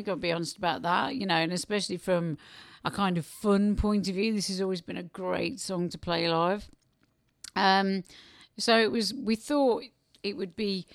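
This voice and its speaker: A woman's voice: on the low side, vocal fry, no echo, clean studio sound. A woman with a Black Country accent, a musician chatting cheekily and self-deprecatingly in a casual radio interview. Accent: Black Country English. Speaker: musician guest.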